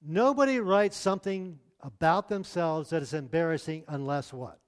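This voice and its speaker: A man's voice: fairly high pitch, moderate pace, clear, resonant tone. A middle-aged man preaching a sermon in a conversational way, often asking the audience questions.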